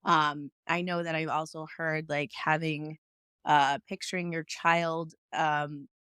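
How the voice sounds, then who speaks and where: A woman's voice: low voice, level tone, slow, a bit bright, clear, resonant tone, dry recording, studio quality. A woman and mother hosting a podcast, chatting openly and asking long questions. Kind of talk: casual interview talk.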